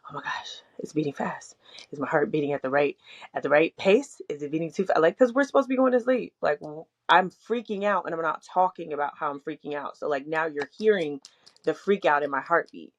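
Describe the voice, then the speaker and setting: A woman's voice: sits low, fairly quick. A young adult woman co-hosting a podcast, talking candidly in a rambling way, full of "like" and frank swearing. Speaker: podcast co-host. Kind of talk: candid casual chat. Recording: dull lo-fi audio.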